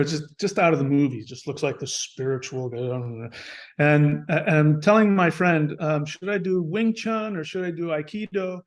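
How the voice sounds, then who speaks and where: Speaking a little high, a male podcast guest shares a personal story in a relaxed way. He restarts frequently, stays animated throughout, and performs parts of the dialogue himself.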